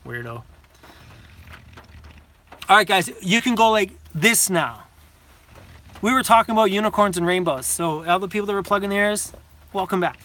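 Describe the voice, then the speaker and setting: Guy rambling on a phone live stream, highish voice, laughs and swears a lot. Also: bright, forceful tone. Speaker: vlogger hosting a live Q&A. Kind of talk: casual live-stream chat. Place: inside a van. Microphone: phone camera.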